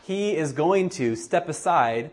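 Animated male preacher acting out scripture. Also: slow pace. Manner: animated, acts out quotes with rising pitch. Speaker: pastor. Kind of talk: sermon with scripture reading.

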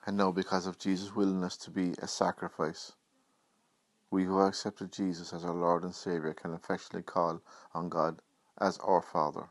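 A man preaching a Good Friday sermon, reading scripture in an earnest, measured way. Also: sits low, level tone, no echo.

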